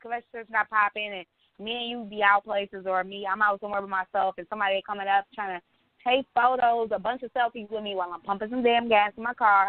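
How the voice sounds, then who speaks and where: A woman's voice: mid-range voice, fairly even intonation, quick pace, dry recording. A woman co-hosting a podcast, chatting in an opinionated, laughing way. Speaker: podcast co-host. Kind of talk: casual podcast chat. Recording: dry, tinny phone-line sound.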